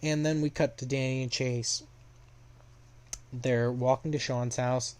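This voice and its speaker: Young guy just rambling thru a plot recap, lots of um and like, mid pitch. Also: fairly even intonation, a little slow, a little mellow, clean tone. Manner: rambling, filler-heavy. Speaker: storyteller. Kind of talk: casual story recap.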